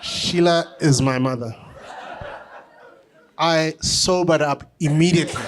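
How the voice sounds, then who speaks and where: Middle-aged guy telling a funny story at a book talk, lively, laughs at himself. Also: on the high side, measured pace, pauses often, a crowd in the background. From South Africa. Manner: animated anecdotal storytelling with self-deprecating laughs. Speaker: author and conductor.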